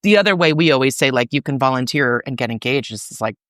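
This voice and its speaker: A woman's voice: extremely low pitch, fast, dry recording. Chatty middle-aged woman, dry close sound. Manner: chatty and animated, many fillers. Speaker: guest, arts organization founder. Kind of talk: casual interview conversation.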